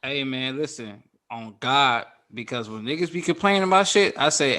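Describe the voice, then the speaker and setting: A man with an Atlanta accent, co-hosting a casual livestream chat in a loud, profane, animated way. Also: mid-range voice, moderate pace, few pauses. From Atlanta, USA. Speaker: co-host.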